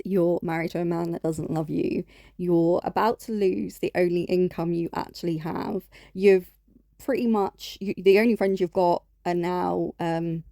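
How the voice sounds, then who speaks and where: A woman's voice: fairly low pitch, gravelly, mellow, no echo. A woman giving angry reaction commentary, blunt, scolding and full of swearing.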